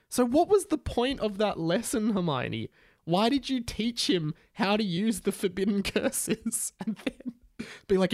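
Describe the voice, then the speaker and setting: A man's voice: high-pitched, very animated, a little slow, a little mellow, no echo. Wry male podcast host, dry sound. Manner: mocking, wry asides. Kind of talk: comic reading and commentary.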